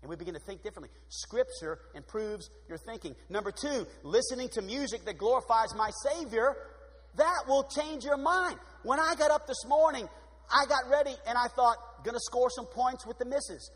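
Male preacher with a high voice and an animated sermon delivery, recorded with a long hall reverb. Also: normal speed. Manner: animated, shifts from loud exclamations to hushed prayer voice. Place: church sanctuary. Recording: long echo of a large hall.

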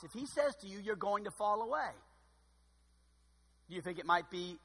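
A man preaching a sermon as pastor, expressive and dryly sarcastic, with loud emphatic bursts and quiet asides. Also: high voice, moderate pace, long pauses, husky, big-room sound.

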